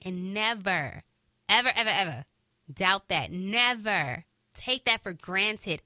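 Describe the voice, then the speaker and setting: A woman with a fairly low voice hosts a podcast, speaking in a casual, heartfelt way. She warmly encourages listeners and repeats herself for emphasis, and the recording is dry.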